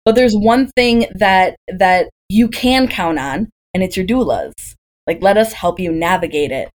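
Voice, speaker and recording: Animated but measured in pace, her mid-range voice carries a chatty podcast conversation. She's a doula in her thirties from Green Bay, Wisconsin, USA, telling stories and posing rhetorical questions.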